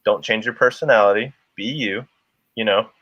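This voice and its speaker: A man's voice: lowish voice, normal speed, no echo, highs cut off. A man co-hosting a casual livestream, rambling and laughing as he talks to the chat. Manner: rambling, laughs often, restarts a lot. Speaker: livestream co-host.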